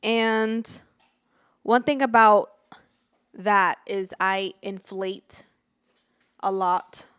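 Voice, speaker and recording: A young woman with a smooth, clear voice chats casually as a podcast co-host. She jokes and teases, keeping things light. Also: mid-range voice, steady tone, extremely slow, long pauses, a bit bright. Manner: playful, joking, laughs often. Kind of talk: casual chat.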